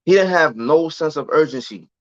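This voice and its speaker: A man tells a candid story as a podcast guest in streetwise slang, often adding "you know what I'm saying." His voice is on the high side, with lively intonation at a moderate pace, on a dull, dry lo-fi recording with no room sound.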